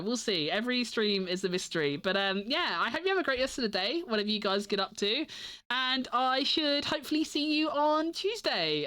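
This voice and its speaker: A woman winding down a live stream, sleepy and yawning, her fairly high voice bouncing around a lot. She chats loosely, laughs often and keeps restarting her sentences. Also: a bit bright. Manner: giggly, rambling with frequent restarts. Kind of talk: casual stream chat.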